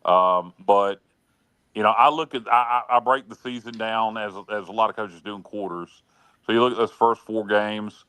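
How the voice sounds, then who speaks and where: A man's voice: on the low side, fairly even intonation, moderate pace, pushed and bright, clean tone, dry recording. A man co-hosting a casual sports talk show, giving frank opinions with many hedges and restarted sentences. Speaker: podcast co-host and analyst.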